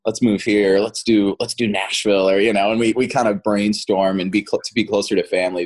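A man in his thirties, a guest chatting casually in an interview, laughing often and restarting his sentences. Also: fairly low pitch. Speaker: actor guest.

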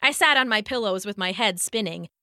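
A woman gently narrating a children's bedtime story with expressive delivery. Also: medium pitch, fairly quick, dry recording, studio quality.

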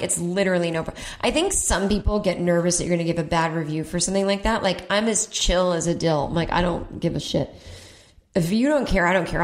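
A woman hosting a comedy podcast, telling a rambling story in a chatty, profane, self-mocking way and acting out the people she quotes. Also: lowish voice. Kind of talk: casual storytelling monologue. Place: at home.

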